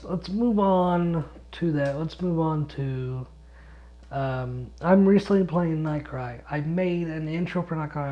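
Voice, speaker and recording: Young male solo podcaster, drowsy and rambling, swears freely, slow delivery, muffled lo-fi home mic. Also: fairly high pitch. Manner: rambling, swears a lot, chuckles often, loses his thread. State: sleepy, yawning. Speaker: podcast host and gaming YouTuber. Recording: dull lo-fi home recording.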